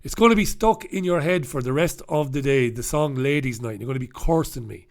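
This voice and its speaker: A man from the UK hosts a comic look through the papers on his own. His voice sits at an everyday middle pitch, and he rambles, swears freely and breaks into bits of song. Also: a little fast. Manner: swearing, rambling, sings snatches of songs. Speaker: host. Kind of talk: comic newspaper review monologue.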